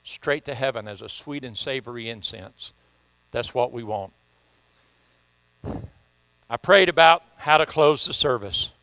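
A man's voice: medium pitch, a little slow, long pauses, pushed and bright, no room sound. A man preaching a sermon in church, telling folksy stories and reading scripture with emphasis. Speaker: pastor. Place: church sanctuary.

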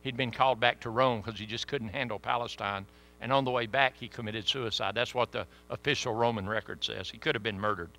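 A man preaching a sermon with sudden swings between loud emphasis and hushed asides. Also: mid-range voice, brisk.

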